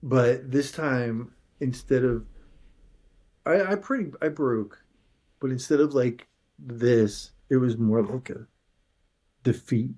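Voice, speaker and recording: A man's voice: medium pitch, slow, pauses often, a little mellow. A male screenwriter as an interview guest, telling a personal story in an earnest, emotional, casual way.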